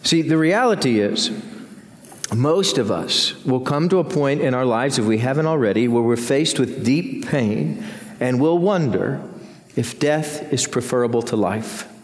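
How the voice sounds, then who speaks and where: A man's voice: animated, measured pace. A man preaching a sermon as senior pastor, earnest, his voice climbing when he voices lament. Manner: earnest, rising in pitch when voicing Job's laments. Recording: long reverb of a church hall.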